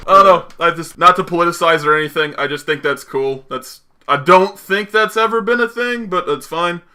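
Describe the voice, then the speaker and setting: A young man co-hosting a casual podcast chat, excitable and quick to swear and laugh. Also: on the high side, a little hiss or hum. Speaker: podcast co-host.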